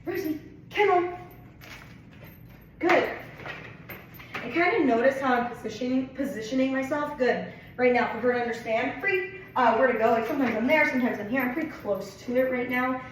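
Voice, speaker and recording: A fairly high-voiced woman talks through a dog training session in a loose, casual way, checking in with "right?" and "okay?" as she goes. She sounds far from the mic, in a heavily echoing room with a faint hiss behind her. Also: quick pace. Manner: explains plainly, repeats "right?" and "okay?" checks.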